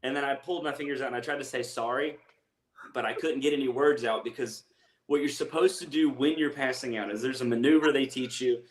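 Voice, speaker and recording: A man's voice: medium pitch, brisk. A young man with an Appalachian accent, a comedian telling a rambling, self-deprecating story in casual chat. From East Tennessee. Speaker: comedian guest. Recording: echoey room.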